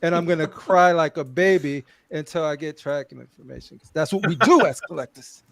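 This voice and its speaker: A man's voice: a little high, brisk, vocal fry. A man chatting casually on a livestream with a joking, mock-formal delivery. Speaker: panelist.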